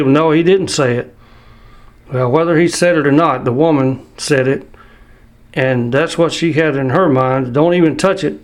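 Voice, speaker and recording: An older man preaching a sermon, reading scripture slowly and with emphasis. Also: on the high side.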